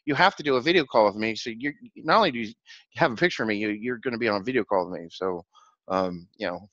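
A rambling, excitable man with a lowish voice recaps events in a casual vlog, laughing often and stumbling over repeated words. The recording is dry and somewhat dull, with a lo-fi edge. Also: fast, dry recording. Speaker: channel host.

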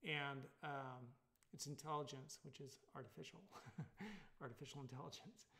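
A man's voice: a little high, normal speed, creaky, sharp tone. A man with a Californian accent giving a casual recorded college lecture, rambling with many fillers and tag questions. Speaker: college instructor.

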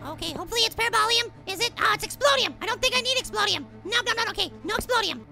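A man's voice: lively intonation, rapid-fire, vocal fry, music in the background, exaggerated voice. A man voicing a tiny, jittery and whiny male apple, chattering frantically and flustered through cartoon game commentary. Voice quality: squeaky, sped-up cartoon voice. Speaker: gaming host. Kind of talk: cartoon let's play commentary.

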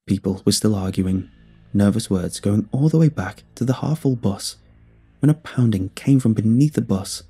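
Low husky guy reading a creepy story, dark mellow voice, faint music behind. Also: lively intonation, moderate pace. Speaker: horror story narrator. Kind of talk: scripted horror narration.

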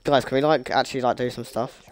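A man's voice: mid-range voice, fairly even intonation, fast, noisy background. A young man teasing his friends with crude jokes while playing an online game on a headset mic. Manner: teasing, joking, crude banter. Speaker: gamer. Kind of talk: casual chat while gaming.

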